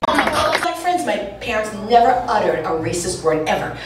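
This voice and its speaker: A woman from New York doing brash, animated stand-up comedy, acting out her stories. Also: mid-range voice, moderate pace, music in the background. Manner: brash, animated, acts out quotes. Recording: roomy club sound, distant mic, audience.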